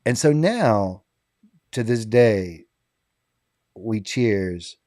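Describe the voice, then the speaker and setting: A man in a casual podcast chat, spinning an animated anecdote and laughing as he goes. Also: lowish voice, extremely slow, dry recording, clean studio sound.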